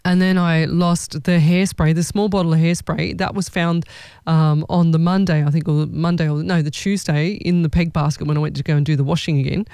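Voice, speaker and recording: A woman's voice: low-pitched, fairly even intonation, a little fast, few pauses, mellow, clear, resonant tone, dry recording. A woman, a psychic medium giving readings in a casual live chat, rambling and laughing often.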